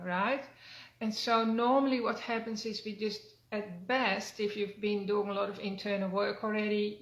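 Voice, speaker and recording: An older woman giving a gentle, earnest self-help talk as a wellness coach, with frequent fillers and restarts. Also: medium pitch, vocal fry. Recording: roomy echo.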